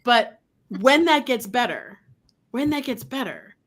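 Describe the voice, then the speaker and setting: A woman's voice: fairly high pitch, sing-song, measured pace, a bit bright. A woman speaking as a guest dog trainer in a casual interview, talking animatedly and acting out quoted voices.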